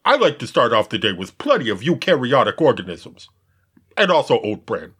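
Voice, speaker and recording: A husky sea creature guy, cheerful and earnest, voice swoops all over, comedy audio play. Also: medium pitch, big pitch swings, normal speed, a bit bright.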